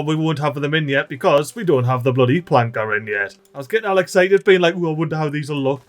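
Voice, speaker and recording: Chatty man narrating gameplay. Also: on the high side. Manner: chatty and excitable, talks to his game characters. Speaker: video game let's-play host. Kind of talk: casual gameplay commentary.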